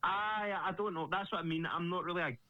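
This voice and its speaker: A man's voice: high voice, fairly quick, lo-fi sound. A young Scottish man, a Muay Thai fighter, chatting casually as a guest and swearing freely. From Scotland. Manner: animated storyteller, swears freely. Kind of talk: casual interview chat.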